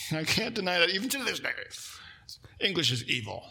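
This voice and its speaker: A male pastor preaching with a bright, forceful edge to his voice. He swings from loud, pressing emphasis down to hushed, intimate lines as he tells a story from the pulpit. His voice sits a little higher than most men's. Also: big pitch swings, moderate pace, vocal fry, husky. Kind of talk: sermon.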